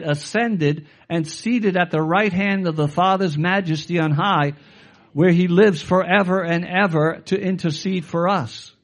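Emphatic male pastor preaching a sermon. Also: sits high. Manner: emphatic preaching, quotes scripture, asks the congregation questions.

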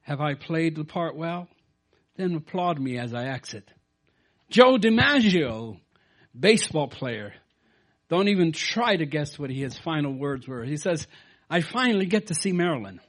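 A man delivers a sermon in a fairly high voice that moves a great deal in pitch. He drops to quiet asides, then rises to loud, emphatic declarations. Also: lively intonation, a little slow. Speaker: pastor.

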